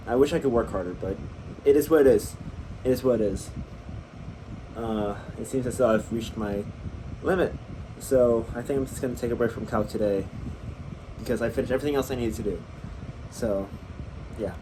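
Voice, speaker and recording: Young man, tired, casual vlog diary, lots of likes and ums, middle-pitched voice, faint air-conditioner hum behind. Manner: halting, full of "like" and "um", restarts. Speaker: vlogger.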